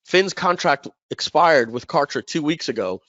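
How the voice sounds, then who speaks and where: A man's voice: on the high side, animated, moderate pace, a bit bright, no echo. A man hosting a webinar, telling a business story in casual chat and acting out quoted dialogue with animation. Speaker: webinar host. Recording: dry, dull lo-fi webinar audio.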